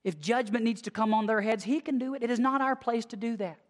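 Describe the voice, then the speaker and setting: Preacher, mid-range voice, punchy sermon delivery that drops to a hush; church with long reverb. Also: mid-range voice, fast talker. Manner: conversational, emphatic, with sudden swings from lively to hushed.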